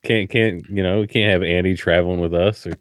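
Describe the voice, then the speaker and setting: A man's voice: low voice, fairly even intonation, a little fast, no room sound. A man co-hosting a podcast in casual chat, mostly giving brief replies. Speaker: podcast co-host.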